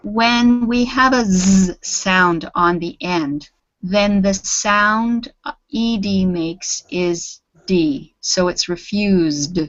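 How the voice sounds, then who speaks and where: Lady english teacher going thru grammar drills, calm and encouraging, kinda muffled call sound. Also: medium pitch, dry recording. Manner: patient, slow, encouraging. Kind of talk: online grammar class.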